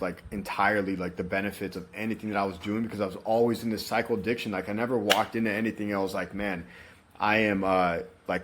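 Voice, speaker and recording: A man telling his story as an interview guest, frank and rambling, swearing freely as he goes. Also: on the low side.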